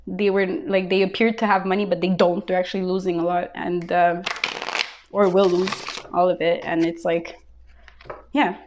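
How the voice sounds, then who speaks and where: A woman's voice: on the low side, flat delivery, moderate pace, a little mellow, dull audio, slight background noise. A woman giving a casual tarot reading, blunt and emphatic, who swears freely. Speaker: tarot reader.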